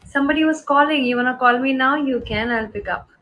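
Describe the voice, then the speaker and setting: A woman's voice: high-pitched, quick pace, a bit bright, slight background noise, rough recording. Affectionate woman live streamer. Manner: affectionate, greets viewers by name, blows kisses; switches between English and Hindi. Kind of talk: casual live-stream chat with viewers.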